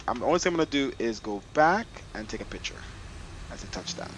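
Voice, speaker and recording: A man streams a flight simulator, talking quickly at a medium pitch over some background noise. Excitable, he chats casually with viewers and mutters to himself as he clicks through menus.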